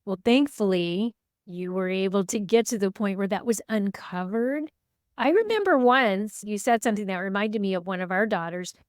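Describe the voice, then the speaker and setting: A woman's voice: medium pitch, moderate pace, clear, resonant tone, no room sound, studio quality. A woman hosting a podcast interview, affirming her guest and reflecting on what she said. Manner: warm affirming listener, reflective. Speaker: podcast host.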